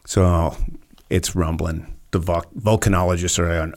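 A man's voice: low voice, steady tone, measured pace, darkish tone. A man in his fifties, a former Navy SEAL guest on a podcast, telling laid-back anecdotes full of fillers and quoted voices. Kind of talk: casual storytelling interview.

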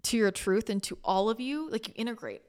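Speaking briskly in a fairly high, smooth voice with a slightly dark tone, this woman hosts a spiritual channel and podcast. She rambles in a chatty way, often starting sentences over, and sounds emotional enough to be near tears.

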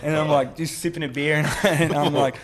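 A young Australian man with a fairly high voice tells stories on a podcast, swearing freely and laughing through them. His accent is broad and casual. A faint hiss sits behind the recording. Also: little pitch movement, a little fast. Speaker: guest comedian.

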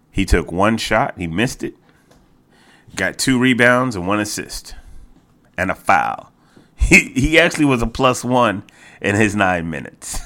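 A man hosting a solo sports podcast, talking casually and getting exasperated, his voice jumping high when worked up, repeating himself and stumbling into restarts. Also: bright, forceful tone. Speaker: podcast host.

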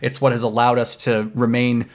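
A man recapping a movie in casual, joking chat, slipping into quick mock voices for the characters. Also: medium pitch, level tone.

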